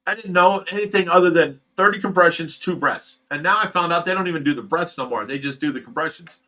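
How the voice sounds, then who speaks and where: A man's voice: a little high, quick pace, bright, forceful tone. A man hosting his own channel, telling a painful personal story to his viewers in a raw, rambling, emotional way. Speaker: host of a fish rescue channel.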